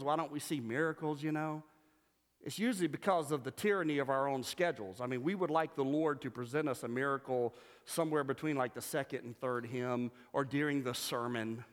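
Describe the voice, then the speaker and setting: Male pastor, high voice, lively humorous sermon delivery, church hall reverb. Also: a little fast. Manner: animated, humorous, mimics voices.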